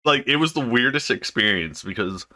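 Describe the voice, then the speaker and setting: A man's voice: medium pitch, lively intonation, moderate pace, sharp tone. A man co-hosting a podcast, chiming in casually and recalling his own stories. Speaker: podcast co-host. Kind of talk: casual chat.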